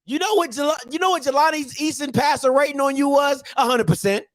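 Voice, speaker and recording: A man hosting a sports recap show, ranting in excitable, slangy trash talk and repeating himself for emphasis. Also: very high-pitched, fairly quick, heavy background noise. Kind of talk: animated sports recap rant.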